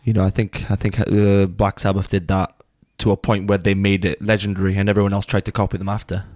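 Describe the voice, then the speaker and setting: A man co-hosting a podcast debate, chatty and quick to jump in, playing devil's advocate. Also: sits low, level tone, a little mellow, no echo, studio quality. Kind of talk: casual debate chat.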